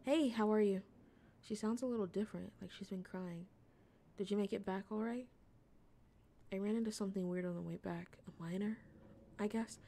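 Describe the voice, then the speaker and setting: A woman's voice: medium pitch, normal speed, vocal fry, long pauses, warm tone. A woman reading the lines of an earnest, eager young woman who hunts cryptids and reassures her friend. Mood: gentle. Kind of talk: reading game dialogue aloud.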